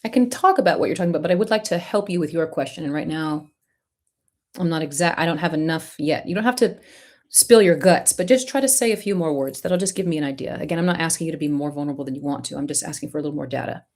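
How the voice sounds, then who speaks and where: A woman's voice: low-pitched, fast talker. A woman hosting a live-stream Q&A, coaching artists in an emphatic, direct and encouraging way. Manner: warmly encouraging to the questioner.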